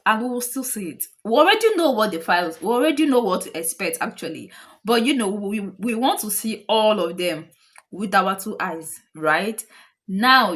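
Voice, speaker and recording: A woman's voice: mid-range voice, fairly bright tone. A woman with a Nigerian accent, hosting a casual reaction commentary and chatting directly to her viewers as family, repeating points for emphasis. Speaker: commentary host.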